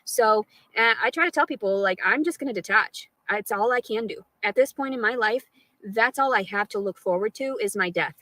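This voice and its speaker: A woman's voice: medium pitch, brisk, sharp tone, no room sound, poor audio. A woman talking straight to her live stream audience, rambling and swearing a lot, with an aggrieved tone. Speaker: livestreamer.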